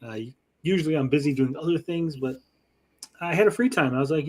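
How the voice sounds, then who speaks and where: Guy hosting a late night stream, kinda high voice, jokey, swears a lot. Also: quick pace, darkish tone. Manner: loose and joking, swears freely. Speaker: host. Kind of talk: casual live-stream chat.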